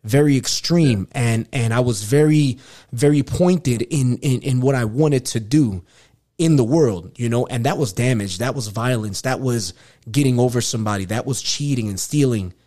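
A man from Queens, New York, speaking in an earnest, reflective way about his life. His pitch is in the middle range, and he speaks in a casual conversational tone. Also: moderate pace, dark tone.

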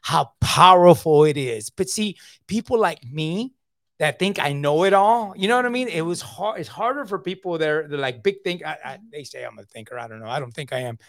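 Earnest middle-aged guy sharing his recovery story, kinda high voice, dry close sound, keeps saying man. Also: lively intonation, brisk, dry recording. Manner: repeats words and fills talk with "man"; earnest, confiding. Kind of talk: casual personal storytelling.

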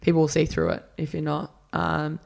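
Chatty man, gravelly voice. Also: fairly high pitch, steady tone, moderate pace, darkish tone. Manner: chatty storyteller, acts out quotes, many fillers. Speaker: podcast guest, runner. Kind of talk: casual interview chat.

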